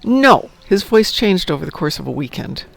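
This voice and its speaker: A woman's voice: lowish voice, big pitch swings, moderate pace, gravelly, husky. A woman streaming a game, chatting casually, telling stories and cheering at the game. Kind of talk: casual chat while gaming.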